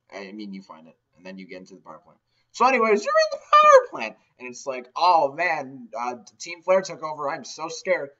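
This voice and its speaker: A rambling, sarcastic man recapping a game for laughs, his voice leaping all over its range. The tone is bright and a bit high, and the mic is dull and lo-fi. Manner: rambling, sarcastic, swears a lot. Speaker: game ranter. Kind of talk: comedic game recap rant.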